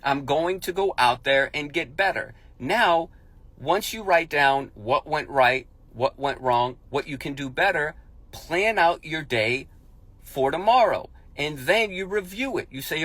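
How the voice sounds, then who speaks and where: A man's voice: a little high, animated, measured pace, fairly bright tone, no echo. A man giving a motivational monologue as a speaker, talking in an emphatic, repetitive, coach-like way.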